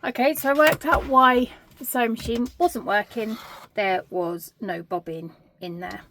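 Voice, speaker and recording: A woman's voice: a little high, steady tone, a little slow, fairly bright tone, slight background noise. A woman giving a casual sewing tutorial, chatty and self-deprecating, thinking aloud with plenty of ums and restarts.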